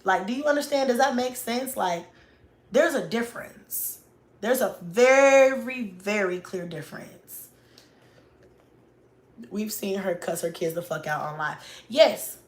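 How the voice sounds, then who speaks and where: A woman's voice: medium pitch, lively intonation, unhurried, reverberant. A woman in her thirties, a mom vlogger chatting casually, blunt and profane, talking back to critics. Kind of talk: casual livestream-style chat.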